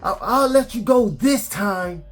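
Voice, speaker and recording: A man's voice: sits high, expressive, soft background music, pitched above the performer's own voice. A man putting on a bossy old parking attendant. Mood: scolding. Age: 70s. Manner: loud, slow, scolding.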